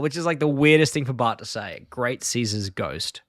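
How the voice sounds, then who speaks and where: A man's voice: mid-range voice, animated, unhurried, no room sound, studio quality. A man co-hosting a podcast, casually retelling a cartoon episode scene by scene, quoting lines and laughing often. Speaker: podcast co-host. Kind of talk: casual chat recapping an episode.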